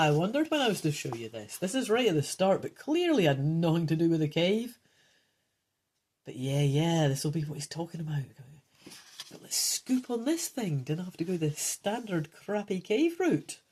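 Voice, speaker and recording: A woman's voice: on the low side, big pitch swings, moderate pace, darkish tone, slightly rough. A woman reading a gamebook aloud and chatting casually, often sidetracking and correcting herself. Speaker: gamebook player and reader. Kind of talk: casual playthrough narration.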